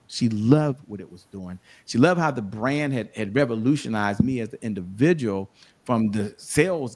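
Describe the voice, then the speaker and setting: Animated motivational man telling stories. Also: mid-range voice, slightly rough. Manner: animated storyteller, preachy encouragement. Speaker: guest, show host and sales coach. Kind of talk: motivational interview talk.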